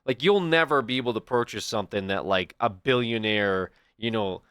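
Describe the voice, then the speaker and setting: A man's voice: on the low side, moderate pace, a bit bright, clear, resonant tone, no room sound, clean studio sound. A young adult man streaming, chatting casually and rambling through stories with many restarts. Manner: rambling, restarts and storytelling asides. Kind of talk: casual chat to stream viewers.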